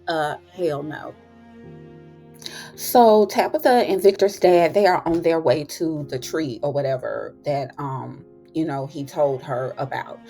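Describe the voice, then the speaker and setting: A woman's voice: sits low, unhurried, few pauses, warm tone, faint music behind. A woman host casually recapping TV episodes, chatty and folksy, calling listeners "honey" and "child".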